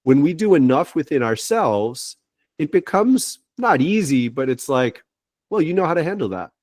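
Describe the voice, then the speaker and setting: A man giving spiritual guidance over a video call, reassuring and halting, with frequent restarts. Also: fairly high pitch, big pitch swings, darkish tone, no room sound, clean studio sound. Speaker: spiritual guide giving readings.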